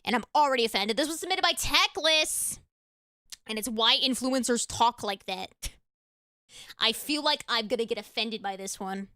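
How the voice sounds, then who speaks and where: High, lively young woman streamer chatting. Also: moderate pace, dry recording, clean studio sound. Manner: rambling, chatty, trails off. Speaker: streamer host. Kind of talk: casual livestream chat and reaction.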